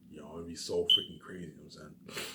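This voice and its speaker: A man's voice: very deep voice, little pitch movement, very fast, heavy background noise. A man from Canada talking alone to camera in a rambling, repetitive monologue, swearing often and stressing his points. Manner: repetitive, profane, emphatic, keeps saying "obviously". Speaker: vlogger.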